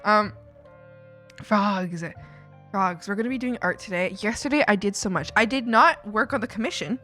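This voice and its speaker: A woman's voice: medium pitch, moderate pace, sharp tone. A young woman from Canada chatting casually on a live stream, rambling, laughing often and swearing freely. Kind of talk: casual chat. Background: faint background music.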